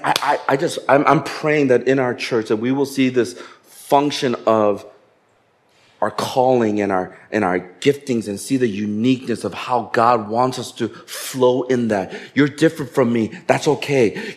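A pastor preaching a lively sermon, acting out quotes with humor. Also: male voice, medium pitch. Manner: animated, acts out quotes with humor.

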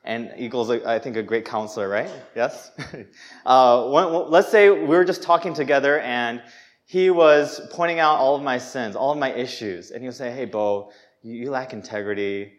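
Man preaching a lively conversational sermon. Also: mid-range voice, normal speed. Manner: animated, conversational preaching with acted-out reactions. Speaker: pastor.

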